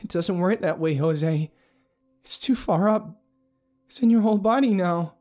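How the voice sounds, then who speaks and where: A man's voice: high voice, unhurried, darkish tone, voice pushed up. A man voicing a small, frightened young girl who speaks in an anxious, pleading way.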